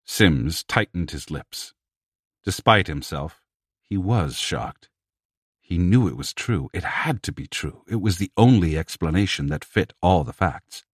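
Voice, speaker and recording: A male narrator with a very low, deep voice, reading a story in a measured way. The sound is close and dry, with no room echo at all. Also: lively intonation, husky. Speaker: audiobook narrator. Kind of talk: scripted narration.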